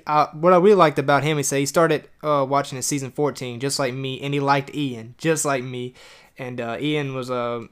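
Smooth-voiced man chatting casually. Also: medium pitch, fairly bright tone. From New Jersey. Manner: enthusiastic, rambling, lots of fillers. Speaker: podcast co-host. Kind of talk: casual chat.

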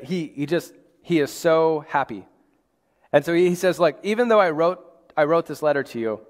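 Casual preacher in a reverberant hall. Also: male voice, on the high side. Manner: casual, conversational preaching with many "like"s and restarts. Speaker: pastor. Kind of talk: sermon.

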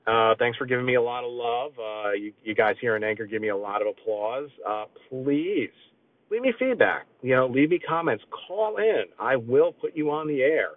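A middle-aged man hosting a casual solo podcast, rambling excitedly with lots of fillers. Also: medium pitch, fairly quick, hardly any pauses, dry recording, distant mic. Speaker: podcast host. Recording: tinny phone-like lo-fi sound.

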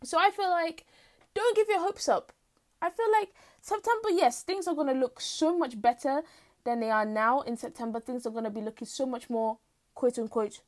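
A young woman hosting a solo podcast, telling a story in animated, slangy casual chat. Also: on the high side. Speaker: podcast host.

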